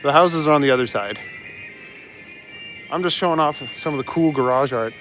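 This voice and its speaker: A man's voice: on the high side, fairly quick, over music. Laid-back man streaming a city walk. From Canada. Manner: laid-back, chuckles often, reads out chat. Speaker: live streamer. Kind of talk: casual chat. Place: city streets outdoors.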